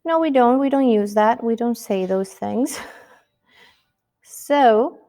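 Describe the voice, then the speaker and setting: A woman's voice: fairly high pitch, animated, slow, pauses often, mellow. A woman teaching a Spanish lesson, speaking patiently and asking the listener rhetorical questions. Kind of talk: recorded classroom lesson.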